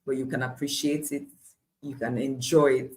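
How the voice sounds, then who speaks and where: A woman giving a devotional Bible teaching on a live stream, emphatic and repetitive, with frequent laughs and lively asides. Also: rumbling low, moderate pace, a little hiss or hum.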